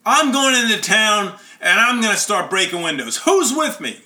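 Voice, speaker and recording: A man doing a yelling, tearful teenage boy. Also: on the high side, very animated, moderate pace, echoey room. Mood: furious.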